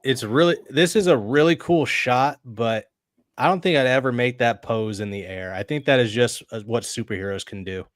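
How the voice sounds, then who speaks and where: A man's voice: mid-range voice, normal speed, no room sound. A laid-back man in a mid-range voice co-hosts a casual review chat, teasing and joking. His voice sounds close and dry, with no room around it. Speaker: co-host.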